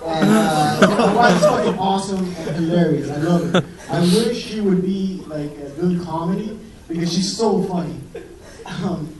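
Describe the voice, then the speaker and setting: Young guy doing stand-up, high voice, rambly and sweary, echoey room, mic kinda far, crowd laughing. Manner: rambling, profane, self-deprecating storytelling. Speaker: medical student doing stand-up. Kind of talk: stand-up comedy set. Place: comedy venue with live audience. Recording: roomy, distant live recording with crowd laughter. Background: audience laughing.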